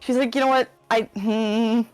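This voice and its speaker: A woman's voice: a little high, fairly even intonation, normal speed, a little mellow, clear, resonant tone, faint music behind. A woman playing in a tabletop game, chatty and a bit hesitant while deciding her moves. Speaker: player. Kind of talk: casual tabletop play.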